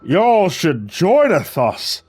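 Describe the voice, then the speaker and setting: A male narrator voicing a showy young man filming his own video, loud and hammy, over faint music. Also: mid-range voice, very animated, normal speed, close to an everyday voice.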